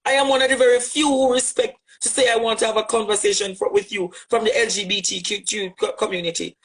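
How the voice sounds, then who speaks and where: A man with a Jamaican accent, giving an impassioned direct address as a social media commentator, forceful and rhetorical, repeating phrases for emphasis. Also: very high voice, steady tone, a little fast, low-quality recording.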